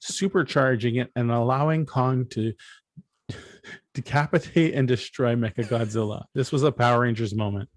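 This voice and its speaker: A man co-hosting a casual podcast, relaxed, reading plot summaries aloud and adding dry jokes. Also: mid-range voice, moderate pace, no echo. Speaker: podcast co-host. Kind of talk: casual chat.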